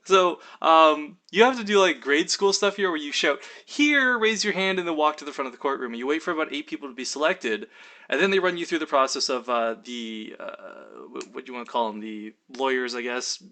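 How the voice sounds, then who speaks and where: Young guy vlogging, kinda high bright voice, chatty and animated, acts out quotes. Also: brisk. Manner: animated, lots of fillers and acted-out quotes. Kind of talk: casual storytelling vlog.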